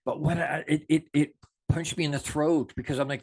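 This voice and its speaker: A middle-aged man delivering an off-the-cuff motivational talk with fervent passion. His voice sits a touch high for a man, and he drops quiet and low for reflection, then surges up to push a point hard. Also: fairly even intonation, brisk, husky. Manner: passionate, preachy, swings from soft to emphatic. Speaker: motivational show host.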